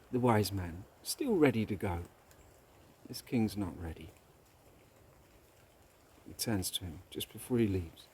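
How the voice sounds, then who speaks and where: A man's voice: on the low side, a little mellow, slight background noise. A man hosting a solo show, telling a parable and reading from his own book in a reflective, meandering way. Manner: slow, reflective, jumps between topics. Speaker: podcast host. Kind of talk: monologue with storytelling and book reading.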